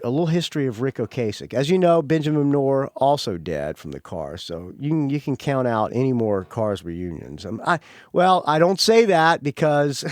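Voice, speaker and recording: A man's voice: fairly high pitch, a little mellow, dry recording, clean studio sound. A middle-aged man hosting a podcast, talking casually and rambling, often correcting himself as he goes. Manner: rambling, self-correcting, offhand. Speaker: podcast host.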